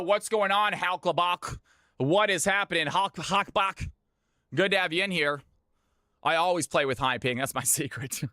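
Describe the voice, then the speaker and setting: A man hosting a live game stream, energetically giving shout-outs to chat and calling out teams. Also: a little high, smooth, dry recording, clean studio sound.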